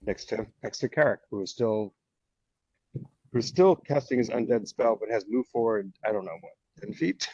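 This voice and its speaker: A man playing a tabletop game, giving quick, unsure asides about his character. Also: lowish voice, a little mellow, husky, no echo, highs cut off. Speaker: player. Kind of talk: casual tabletop play.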